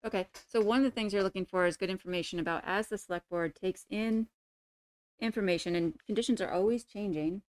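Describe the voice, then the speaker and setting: A woman facilitating a community forum who patiently restates each comment. She talks quickly in a smooth, clear voice. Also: mid-range voice.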